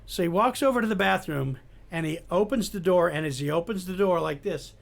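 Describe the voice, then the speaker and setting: An older man, a retired police detective, telling animated anecdotes in a casual chat. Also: high voice, fairly quick, vocal fry. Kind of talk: casual storytelling.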